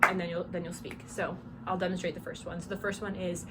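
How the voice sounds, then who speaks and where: In a small dorm room with clear background noise, a young woman from South Georgia gives a casual lesson on drum major commands. Her lowish voice barely shifts in pitch and moves at a quick pace, with a Southern accent, chatty delivery, frequent "um" fillers, and spoken demonstrations of each command.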